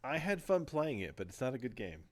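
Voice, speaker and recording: A man co-hosting a podcast, chatting casually with quick, laid-back reactions. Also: mid-range voice, very animated. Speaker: podcast co-host.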